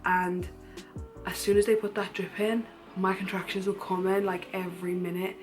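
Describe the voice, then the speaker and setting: A young woman, candidly retelling a personal story in a casual vlog, animated and full of fillers. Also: medium pitch, normal speed, soft background music. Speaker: vlogger.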